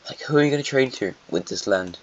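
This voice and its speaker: A man's voice: fairly low pitch, expressive, quick pace. Rambling guy on a lo-fi mic. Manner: meandering, musing aloud, self-correcting asides. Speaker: alternate-history map narrator. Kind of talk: casual rambling commentary. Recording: dull lo-fi mic.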